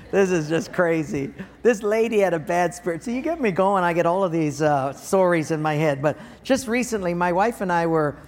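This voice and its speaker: An older man preaching a sermon as pastor, animated, acting out everyday scenes in playful voices. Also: a little high. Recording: reverberant hall.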